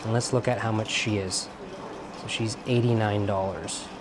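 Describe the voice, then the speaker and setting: The vlog host, a man with a fairly low, steady voice, wanders an indoor antique market reading the tags out loud. His casual chat is enthusiastic and moderately paced, though the background is noisy.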